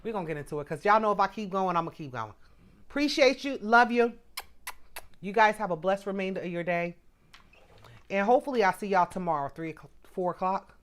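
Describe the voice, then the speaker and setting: A woman's voice: mid-range voice, animated, fairly quick. Woman, middle-aged, livestream host, casual chat, talks straight to viewers, reads comments aloud.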